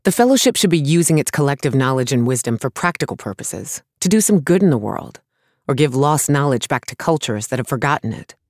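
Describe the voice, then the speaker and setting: A man's voice: mid-range voice, very animated, brisk, no room sound, studio quality, pitched above the performer's own voice. A man doing a sarcastic little woman artificer. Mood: indignant. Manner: blunt, impatient, scornful.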